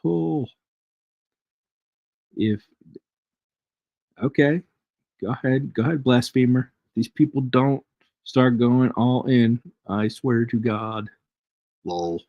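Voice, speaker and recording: A man's voice: medium pitch, slow pace, pauses often, dry recording. A man hosting a casual live trading stream, chatty and jokey, chuckling as he reads charts aloud. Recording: dry, dull lo-fi stream audio.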